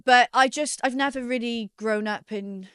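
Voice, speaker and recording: A woman's voice: fairly high pitch, normal speed, a bit bright, clean tone, no echo, clean studio sound. A woman from Wales, a podcast guest, chatting casually and teasing herself. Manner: chatty, self-mocking. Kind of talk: casual chat.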